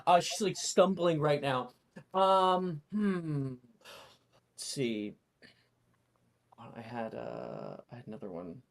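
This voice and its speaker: A man narrating a tabletop game as game master, with many fillers and pauses. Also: medium pitch, very animated, gravelly. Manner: slow, halting, lots of fillers.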